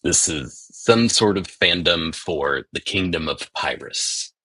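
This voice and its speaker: Husky low-voiced man chatting animatedly. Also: slow, no echo, low-quality recording. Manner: animated, rambling, playful. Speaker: podcast co-host. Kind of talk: casual chat.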